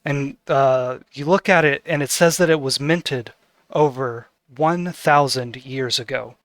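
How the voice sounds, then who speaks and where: A man's voice: mid-range voice, unhurried, fairly bright tone, no echo, studio quality. A man narrating as game master of a tabletop game, setting scenes with descriptive narration and fillers.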